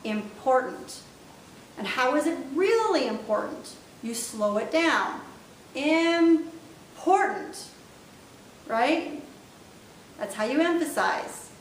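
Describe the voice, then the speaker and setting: Slow, patient woman teaching signs. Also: very animated. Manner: patient, demonstrative, repeats each word slowly. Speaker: sign language teacher. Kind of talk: step-by-step instructional lesson. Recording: echoey room, mic at a distance, faint rumble.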